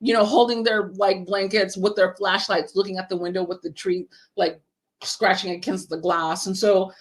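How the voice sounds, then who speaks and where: A woman telling a lively personal story as a podcast guest, swearing freely and acting out what people said. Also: medium pitch, normal speed. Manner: animated, profane, acts out quoted dialogue. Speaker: guest, horror writer and event creator. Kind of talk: casual storytelling in a podcast interview.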